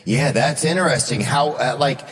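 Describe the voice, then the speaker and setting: A man's voice: deep voice, normal speed, long reverb tail. A man hosting a podcast, telling a rambling story in casual chat and swearing freely. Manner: rambling, drawling storyteller who swears a lot. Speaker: podcast host.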